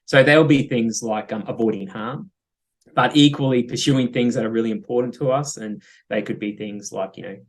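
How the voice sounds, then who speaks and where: In an interview, a man appearing as a guest psychologist speaks at a medium pitch and a brisk pace. He comes across as thoughtful yet hesitant, with many fillers and occasional light laughs.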